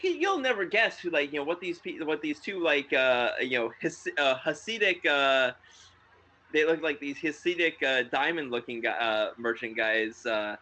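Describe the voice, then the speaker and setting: A man's voice: fairly high pitch, expressive, moderate pace, sharp tone. A man co-hosting a podcast in casual chat, rambling with many fillers and frequent laughs. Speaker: podcast co-host.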